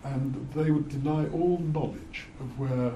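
An older man spins wry, amused anecdotes from his working life, with a mellow, warm tone. The voice sits at an everyday pitch. The sound is roomy and echoey. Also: steady tone, a little slow, a little hiss or hum. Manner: wry, amused, chuckles through his stories. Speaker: guest speaker, former defence lawyer. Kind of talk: anecdotal storytelling. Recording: roomy echo.

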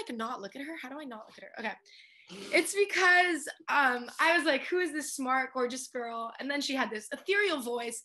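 A young woman in her twenties delivers a heartfelt tribute, her voice high-pitched and bright. She is crying, and her speech keeps breaking into laughter and filler words as she tries to hold it together. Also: animated, normal speed. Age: 20s. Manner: tearful, laughing through words, many "like" fillers. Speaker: a cappella group member giving a senior tribute.

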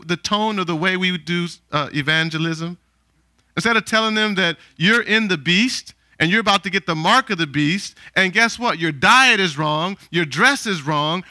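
Man, preacher, sermon, high voice, very bright, slow, call-and-response questions. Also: animated, no room sound. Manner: calls for responses from the congregation.

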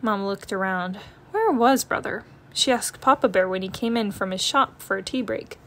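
A woman narrating a children's picture book read-aloud in a gentle, expressive storytelling manner. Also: medium pitch, normal speed, slight background noise.

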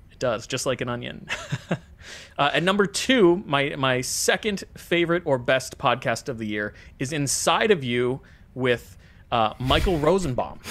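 A man's voice: a little high, fairly bright tone. An American man co-hosting a casual podcast, talking in a loose, rambling way with frequent fillers. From United States. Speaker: podcast co-host.

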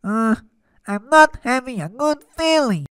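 A worried, cautious young friend in a fan-made game story, voiced by a woman. Her voice is high and bright, recorded dry, and always sounds anxious and doubtful. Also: animated, measured pace, clean tone, dry recording, faint music behind.

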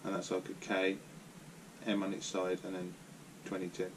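Dad, very low voice, gentle and encouraging, casual home chat, faint hiss behind. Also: male voice, monotone, normal speed. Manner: gentle, encouraging, prompting questions. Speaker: father. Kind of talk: casual chat with his young daughter.

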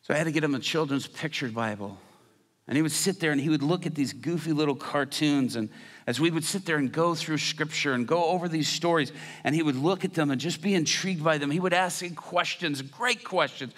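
A man's voice: fairly high pitch, brisk, a bit bright. A male preacher telling a story in a sermon, acting out the people he quotes.

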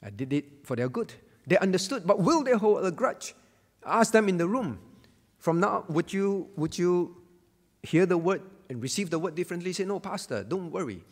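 A man's voice: sits high, animated, normal speed, in a large hall. A man pastor giving a Bible lesson sermon, emphatic and repeating key phrases to drive them home.

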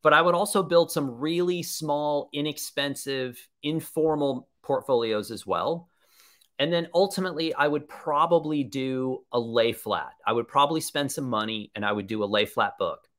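A man's voice: medium pitch, normal speed, a bit bright. A man with a mid-range voice presents a live webinar. He talks in an enthusiastic, conversational way, answering viewer questions as he goes. He thinks aloud, with the odd filler.

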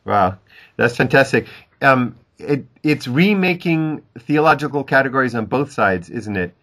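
A man with a mid-range voice interviews a guest in a relaxed conversation. He asks reflective questions and affirms what he hears. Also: mid-range voice, measured pace.

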